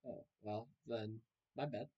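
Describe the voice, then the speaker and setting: A man's voice: fairly low pitch, slow, warm tone, husky, highs cut off. A young man casually commenting while he plays a video game, joking and reacting aloud to what happens on screen. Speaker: gaming video host. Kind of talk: casual let's-play commentary.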